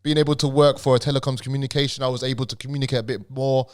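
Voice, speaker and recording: A young man with a stammer, talking as a guest on a podcast in a casual, halting way with slang. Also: mid-range voice, flat delivery.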